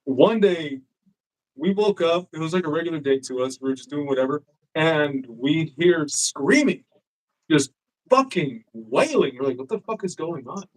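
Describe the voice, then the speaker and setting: A man with a slightly high voice speaks unhurriedly on a low-quality recording. He's a guest on a live-streamed show, telling a story in casual chat, swearing freely and animatedly acting out what people said.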